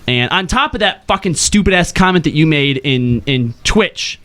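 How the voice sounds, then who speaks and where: A man's voice: fairly high pitch, lively intonation, moderate pace, bright, forceful tone. A man co-hosting a gaming podcast in casual, teasing banter, putting on a mock-stern tone. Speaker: podcast co-host.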